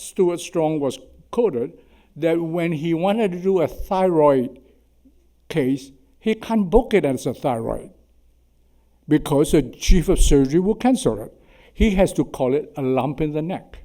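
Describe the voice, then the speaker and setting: A man's voice: on the high side, dark tone. A man in his eighties with a Chinese accent, telling humorous anecdotes at a symposium, chatty and self-deprecating, often tagging "okay?". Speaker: surgeon giving a symposium talk. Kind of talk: anecdotal lecture. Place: lecture hall.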